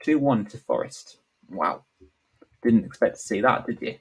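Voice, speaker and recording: A man's voice: lowish voice, lively intonation, moderate pace, breathy edge, rough recording. Man in a joking solo commentary. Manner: offhand, joking, many fillers. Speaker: vlogger. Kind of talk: casual predictions commentary.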